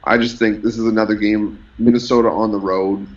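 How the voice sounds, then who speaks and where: A man giving measured, analytical betting picks in a casual sports chat. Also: on the low side, level tone, muffled recording. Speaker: sports handicapper.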